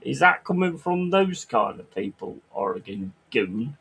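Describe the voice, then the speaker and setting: A man's voice: mid-range voice, very animated, a little slow, gravelly, a bit bright, a little hiss or hum. A man chatting on a livestream, reading chat aloud and ranting crudely with lots of swearing.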